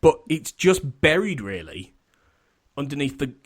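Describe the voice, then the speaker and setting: A man's voice: medium pitch, sing-song, measured pace, breathy edge. A man hosting a casual podcast chat, rambling and restarting his sentences, laughing often. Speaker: podcast host.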